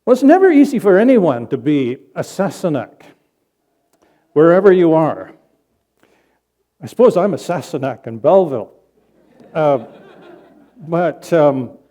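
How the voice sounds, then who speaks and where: A man preaches from the pulpit in a church sanctuary, easing into his sermon through a story. His voice sits a little high for a man but sounds dark and mellow. He talks at an unhurried, deliberate pace with conversational pauses. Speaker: pastor.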